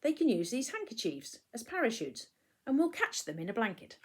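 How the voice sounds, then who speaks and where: A woman's voice: on the high side, sing-song, brisk, slightly rough, pitched above the performer's own voice. Bramwell Brown, a woman doing a kindly teddy. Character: kind, steady male teddy bear leader.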